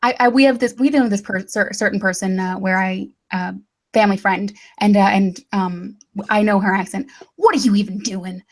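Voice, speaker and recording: A woman's voice: medium pitch, fairly even intonation, moderate pace. A woman from Tennessee, talking in an easygoing group chat. She hesitates and restarts her sentences often, and her voice sits in a plain middle range. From Middle Tennessee, USA. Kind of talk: casual chat.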